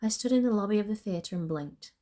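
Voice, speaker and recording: A woman's voice: mid-range voice, animated, fairly quick, warm tone. Woman author doing a plain first-person reading of her own novel. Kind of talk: reading fiction aloud.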